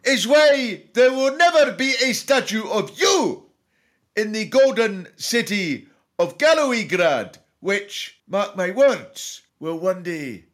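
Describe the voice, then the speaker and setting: A man's voice: high voice, sing-song, slow, a bit bright, pitched above the performer's own voice, full character voice. A man voicing a pompous, grandiloquent male dictator who rants theatrically. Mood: grandiose fury.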